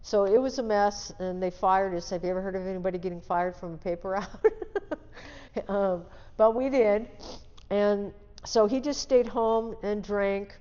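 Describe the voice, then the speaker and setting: Unhurried and smooth, her medium-pitched voice a little mellow, a woman in her sixties from the Seattle region tells her life story candidly and plainly as an interview guest. Expect a dull, lo-fi recording with long reverb.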